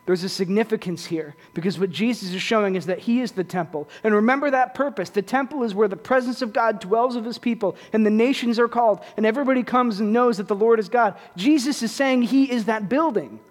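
Male pastor, fairly high voice, animated sermon delivery with jokes, long church reverb. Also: fairly quick, hardly any pauses. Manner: animated, joking asides to the congregation. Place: church sanctuary.

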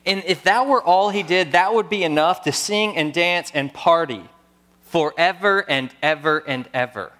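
A man in his thirties preaching a sermon, earnest and storytelling, pausing before key words. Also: fairly high pitch, sharp tone. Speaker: pastor.

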